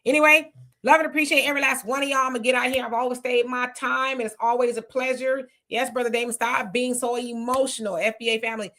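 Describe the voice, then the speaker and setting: A woman hosting a casual live stream, reading viewer comments aloud and answering them in an animated, talkative way. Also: a little high, fast talker. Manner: animated, talks back to comments.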